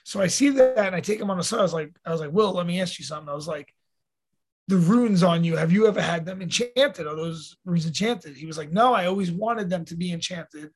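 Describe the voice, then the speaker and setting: A fitness coach appearing as a podcast guest tells stories in a loose, conversational way, his voice notably high and husky and a little fast. He sounds earnest and relaxed, dropping the occasional swear word.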